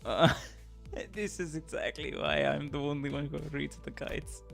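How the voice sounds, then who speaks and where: A man's voice: fairly high pitch, flat delivery, measured pace, creaky, soft background music. A man streaming a game, reading its story aloud, laughing often and chatting with viewers.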